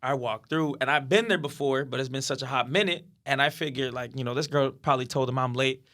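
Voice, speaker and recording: A man's voice: mid-range voice, brisk, a bit bright. A man as a podcast guest telling a story in casual talk, acting out what others said and swearing freely.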